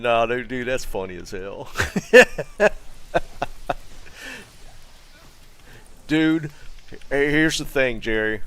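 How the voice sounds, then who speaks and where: A man's voice: mid-range voice, clean tone. Laid-back man chatting on a game stream. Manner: laughs often, talks to chat by name. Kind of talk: casual chat with stream viewers.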